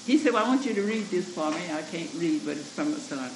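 High, lively preacher man in echoey hall. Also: fast talker. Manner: lively preaching with laughter and call to the congregation. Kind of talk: sermon with scripture readings. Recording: echoey church room recording with noise.

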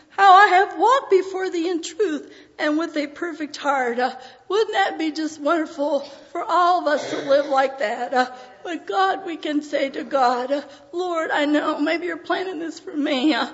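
A woman preaching a sermon with emotion, often pausing on "uh" as her voice breaks. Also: very high voice. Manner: emotional, frequent "uh" fillers, voice breaking. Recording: dull audio in a reverberant hall.

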